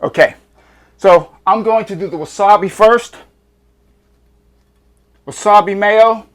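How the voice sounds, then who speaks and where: A man's voice: high-pitched, takes it slowly. A man hosting a home cooking vlog, hyped and slangy, drawing out catchphrases while taste-testing in his kitchen. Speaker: cooking show host.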